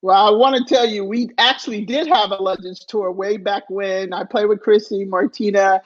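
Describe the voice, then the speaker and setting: A woman's voice: medium pitch, fairly even intonation, moderate pace. A middle-aged woman hosts a casual chat and asks easygoing questions in a mid-range voice. The sound is a little dull and muffled. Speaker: host, former tennis player. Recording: slightly dull, muffled audio.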